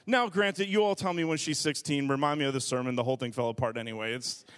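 A man in his thirties, a pastor preaching a lively sermon, dropping to a hush and then shouting as he acts out everyday scenes. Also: medium pitch, quick pace. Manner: animated preaching, shifting from hushed to shouted, acts out quotes.

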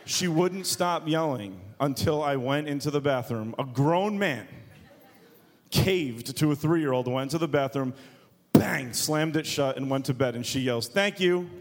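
A man's voice: mid-range voice, measured pace. A man in his thirties preaching a sermon to a congregation, telling a family story in a joking, conversational way. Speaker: pastor.

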